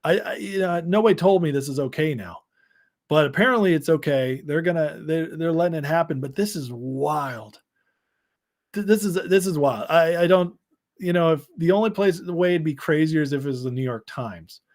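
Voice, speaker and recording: A man's voice: fairly high pitch, moderate pace, a little mellow. A man hosting a live political commentary stream, reading headlines and viewer comments with sarcastic asides and frequent laughs. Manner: sarcastic, reads headlines and chat aloud, laughs often. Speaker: political commentary show host.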